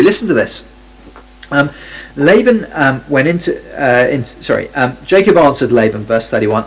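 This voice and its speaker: Gravelly man reading scripture with commentary. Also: medium pitch, low-quality recording. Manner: conversational and wry, often stops to restart his sentences. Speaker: Bible teacher.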